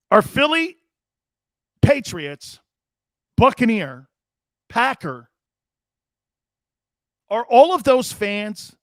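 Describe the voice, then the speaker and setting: A man's voice: sits high, no room sound, clean studio sound. Brash profane male sports show host. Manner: brash, profane, laughing between lines. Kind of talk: casual chat reading live comments.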